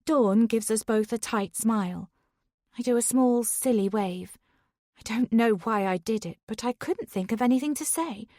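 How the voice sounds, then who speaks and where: A woman narrating a thriller audiobook in the first person, in a steady, conversational reading voice. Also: on the high side, moderate pace, no echo, clean studio sound.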